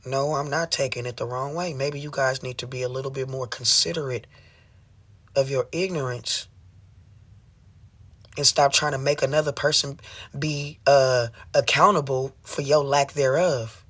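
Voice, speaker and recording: Speaking at a middling pitch, someone unleashes an impassioned, emotional rant at a livestream audience, swearing plenty and firing off rhetorical questions in a confrontational way. Phrases get repeated again and again for emphasis. The intonation stays fairly even, the speed is normal, and the tone is fairly bright.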